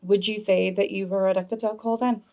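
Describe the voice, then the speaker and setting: A woman hosts a podcast interview. She keeps her guest going with short, encouraging replies and follow-up questions, and her voice sits at a middle pitch. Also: fairly even intonation, quick pace, mellow. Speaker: podcast host.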